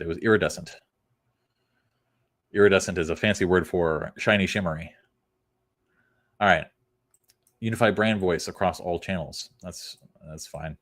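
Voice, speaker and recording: A man's voice: deep voice, brisk, long pauses. A man giving a casual, blunt critique of web copy, sarcastic and sometimes profane. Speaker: copywriting critic.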